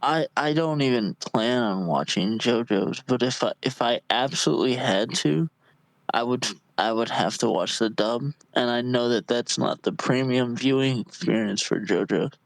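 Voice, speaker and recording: Mid-pitched male co-host, dry close sound, relaxed honesty. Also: normal speed, no echo, poor audio. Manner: laid-back, honest, a bit hesitant. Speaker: podcast co-host. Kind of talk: casual anime podcast chat.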